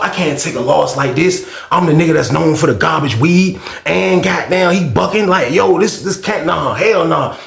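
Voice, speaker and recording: A man telling a story to camera in a casual monologue, animated and profane, full of street slang, with outbursts that rise in pitch. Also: creaky, echoey room.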